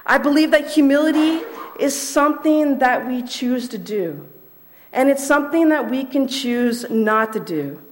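A young woman preaching a sermon in a measured way, repeating key phrases for emphasis. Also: high voice.

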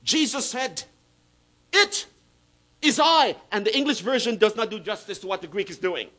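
A man preaching a sermon as pastor, swinging between loud emphatic bursts and hushed asides, stretching key words slowly for effect. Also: high-pitched, rough recording.

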